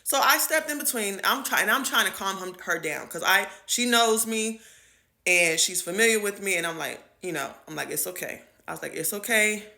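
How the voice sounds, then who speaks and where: A woman's voice: mid-range voice, animated, normal speed, pushed and bright. Emphatic woman telling a story. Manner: emphatic, conversational, keeps checking in with the listener. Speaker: school teacher. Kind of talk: storytime vlog.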